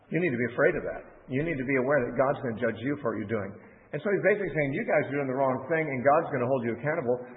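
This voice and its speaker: A man teaching through a Bible book verse by verse, talking freely and reading passages aloud. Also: mid-range voice. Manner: unscripted, with restarts and reading aloud from scripture. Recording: tinny phone-like sound with long reverb.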